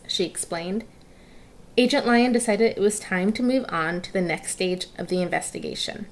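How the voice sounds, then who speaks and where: A woman reading a children's picture book aloud, narrating gently and engagingly, with asides to the listener. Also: medium pitch, brisk. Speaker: storyteller. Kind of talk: children's story read-aloud.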